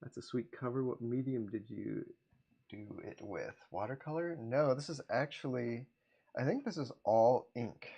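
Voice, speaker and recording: A comic artist hosts a relaxed livestream, chatting easily with viewers, greeting them by name and chuckling often. His mid-range voice is gravelly with a breathy edge, at a moderate pace.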